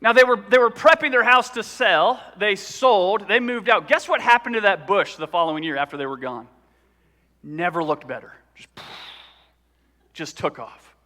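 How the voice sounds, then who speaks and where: A man's voice: sits high, expressive, normal speed, pushed and bright, in a large hall. A man preaching a sermon in a church, talking conversationally and asking the congregation questions. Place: church sanctuary.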